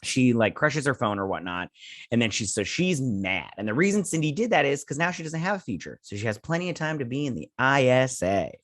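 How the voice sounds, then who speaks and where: A man hosting a show, chatting casually as he recaps and reviews a TV episode and slips into quick voices for the characters. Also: medium pitch, very animated, no echo, studio quality. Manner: retells scenes with quick offhand impressions; chatty with frequent fillers. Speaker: show host.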